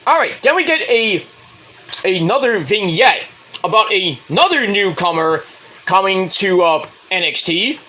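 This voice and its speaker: Lively, bright-voiced man reviewing wrestling. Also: high voice, unhurried. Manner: rambling, crude asides, jumps into loud impressions. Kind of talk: casual solo review.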